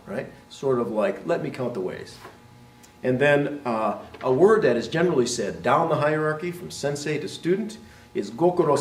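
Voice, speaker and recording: A man teaching as a martial arts instructor, explaining terms and modeling their pronunciation, often checking with "right?". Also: mid-range voice. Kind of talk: instructional talk to camera. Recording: roomy, voice from a distance.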